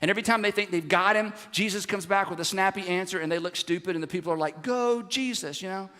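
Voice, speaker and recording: A man preaching a sermon, animated and conversational, throwing rhetorical questions to the congregation. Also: sits high, racing, in a large hall. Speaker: pastor. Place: large church sanctuary.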